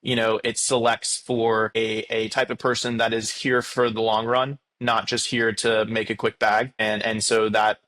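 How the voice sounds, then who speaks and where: A man being interviewed at a conference, talking in a loose, animated way with many fillers and restarts. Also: fairly low pitch, measured pace, hardly any pauses. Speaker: guest. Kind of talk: conversational interview. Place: conference venue.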